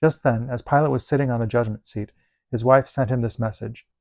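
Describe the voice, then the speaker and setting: A man reading Bible passages aloud in a steady, measured delivery. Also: medium pitch, dry recording. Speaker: Bible reader.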